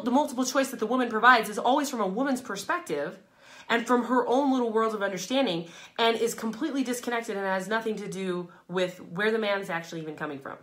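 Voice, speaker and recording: Talking quickly, a live-stream host gives her audience an informal pep talk full of candor and emphasis. She curses freely, laughs between phrases, and alternates between forceful, loud lines and quiet, low asides.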